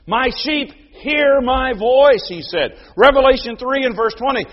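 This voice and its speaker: A middle-aged man preaching a sermon. He moves between loud proclaiming and quiet, personal storytelling. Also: sits high, animated, measured pace, few pauses, husky. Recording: dull lo-fi sound.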